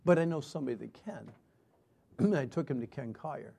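A man preaching a sermon and telling his own story earnestly, moving between loud emphasis and hushed lines. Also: mid-range voice, expressive, a little fast, gravelly, breathy edge. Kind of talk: sermon with personal testimony.

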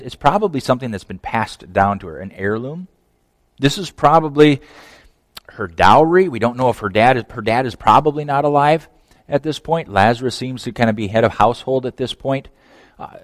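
A man's voice: mid-range voice, no echo, in a large hall. Conversational man preaching, dry sound. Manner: conversational, swinging from emphatic to hushed. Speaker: pastor. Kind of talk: sermon.

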